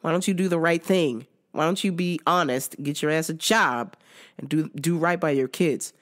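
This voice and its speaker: A woman's voice: low-pitched, normal speed. A woman hosting a podcast, ranting in a sarcastic, profane way and laughing often. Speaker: podcast host. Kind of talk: casual ranting commentary.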